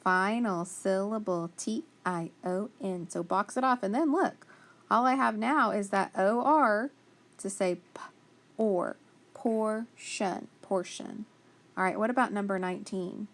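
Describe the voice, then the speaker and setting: A woman's voice: medium pitch, slow. A woman teaching a phonics spelling lesson, patiently sounding out letters and praising each answer.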